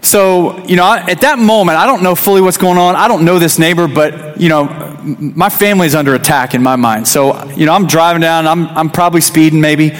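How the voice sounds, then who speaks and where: A man's voice: on the high side, fairly quick, few pauses. Man preaching, echoey hall. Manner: conversational, restarts often, acts out quotes. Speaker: youth pastor. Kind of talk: sermon with personal story. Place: church sanctuary.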